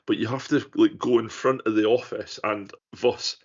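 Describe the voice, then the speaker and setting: A man's voice: on the low side, steady tone, moderate pace, breathy edge. A young man, telling sweary stories in a casual podcast chat. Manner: sweary storytelling. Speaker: podcast co-host. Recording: muffled lo-fi recording.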